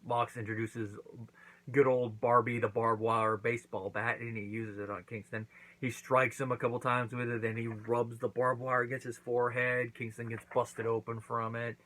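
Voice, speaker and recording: A man's voice: mid-range voice, level tone, moderate pace, fairly bright tone, rough recording. A man hosting his own channel, casually recapping and reviewing a wrestling event, acting out quotes as he goes. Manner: chatty recap with acted-out quotes.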